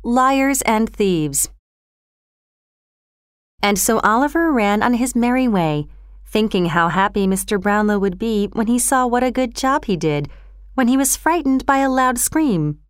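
Woman calmly reading a kids' storybook, smooth clear voice, dry sound. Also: fairly high pitch, a little slow, dry recording. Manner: calm, even storytelling. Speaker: narrator. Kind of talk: storybook read-aloud.

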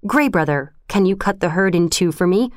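A woman's voice: fairly low pitch, expressive, normal speed, no echo, clean studio sound, lightly acted. A woman voicing a bold jungle boy who commands wolves, calling out urgent orders in a raised voice. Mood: commanding.

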